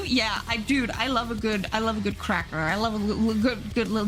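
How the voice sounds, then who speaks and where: A woman streaming live and chatting casually with her viewers, repeating herself and gushing in high squeals. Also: fairly even intonation, fairly quick, few pauses, fairly bright tone, soft background music.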